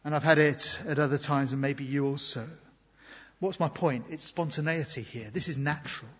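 A man preaching a sermon in an earnest, reflective way, moving between loud emphasis and quiet asides. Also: a little high, moderate pace, husky. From Britain. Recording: long hall reverb, dull lo-fi sound.

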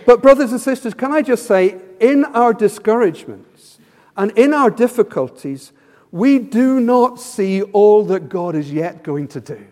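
A man with a high voice preaches a sermon, animated and acting out quotes with rising emphasis. His voice rings out through a hall with a long reverb. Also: unhurried.

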